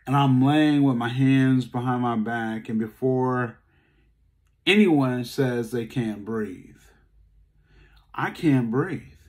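A man giving a talk, telling a personal story in a casual, conversational way and acting out the dialogue. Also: slow pace. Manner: animated, acts out dialogue, voice jumps high when upset. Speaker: speaker.

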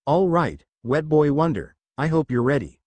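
A man's voice: on the high side, expressive, moderate pace, a little mellow, dry recording. A man reading the lines of a brash, hot-tempered teenage boy hero in a fan fiction story, with a cocky, teasing manner.

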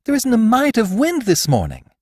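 A man's voice: very high-pitched, huge pitch swings, moderate pace, darkish tone, husky, dry recording, clean studio sound, voice pushed up, heavily acted. A man voicing an anxious, indignant older aunt in a storybook reading. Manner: pleading, indignant questions. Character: anxious older aunt, gray-haired woman.

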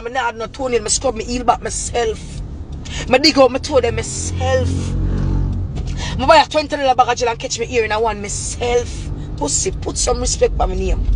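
A woman with a Jamaican Patois accent delivering an angry, profane, repetitive rant straight to camera. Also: fairly high pitch. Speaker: vlogger.

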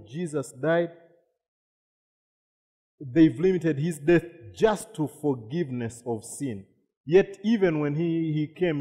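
A man's voice: fairly high pitch, dark tone. A man preaching a sermon, repeating words and asking the congregation questions. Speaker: pastor. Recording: long reverb of a hall.

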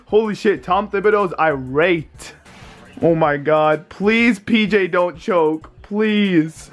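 A young man in his twenties reacts live to a basketball game at home, speaking slowly in a high-sitting voice with faint music behind him. Talking indoors into a handheld camera, he sounds anxious and pleading, swearing and groaning.

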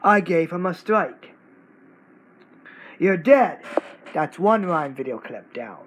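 A man's voice: fairly high pitch, big pitch swings, a little slow, a bit bright, a little hiss or hum, low-quality recording. A man ranting to camera as the channel owner, scolding someone in short, repetitive bursts. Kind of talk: angry rant to camera.

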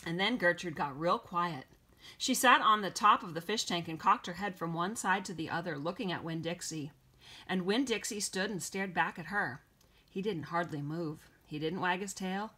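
Female audiobook narrator, bright tone, first-person storytelling. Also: fairly low pitch, moderate pace. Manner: clear, storytelling read-aloud. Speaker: audiobook reader.

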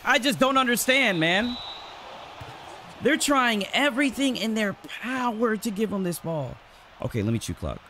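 A man giving live gameplay commentary, swearing and trash-talking and yelling when he gets excited. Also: high voice, normal speed, noisy background. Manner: excitable, profane trash talk, shouts when hyped. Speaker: gaming channel host.

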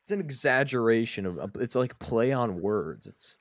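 A man's voice: medium pitch, expressive, normal speed, no room sound. A man streaming a game, rambling and mumbling to himself, often trailing off mid-sentence. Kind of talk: casual gameplay commentary.

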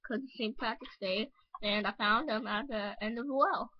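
A woman's voice: on the high side, normal speed, breathy edge, dry recording, lo-fi sound. A woman voicing a cocky young male hedgehog hero in a fan dub, boastful and rambling. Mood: carefree.

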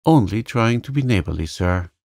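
A man's voice: on the low side, lively intonation, normal speed, gravelly, darkish tone, no room sound, studio quality. A man voicing a blunt, eager teenage girl who answers politely and briefly. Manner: polite, short answers ending in "sir".

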